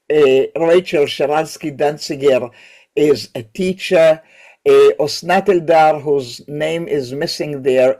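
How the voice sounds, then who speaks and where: Woman teacher with a cold, mellow voice. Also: deep voice. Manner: thoughtful, digressive, self-correcting. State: has a cold, coughing. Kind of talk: lecture on poetry.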